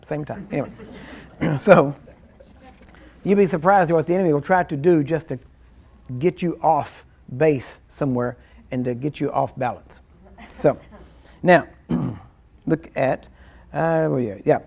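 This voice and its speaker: A man's voice: on the high side, moderate pace, creaky, pauses often, darkish tone. A man teaching a ministry class in a loose, rambling, conversational way, acting out little scenes and chuckling as he goes. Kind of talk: informal teaching sermon.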